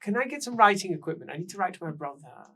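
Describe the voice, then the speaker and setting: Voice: mid-range voice, big pitch swings, fast talker, fairly bright tone, voice pushed up. The game master voicing a scatterbrained, theatrical noblewoman who exclaims and repeats herself. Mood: indignant. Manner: sing-song, exclamatory, repeating words.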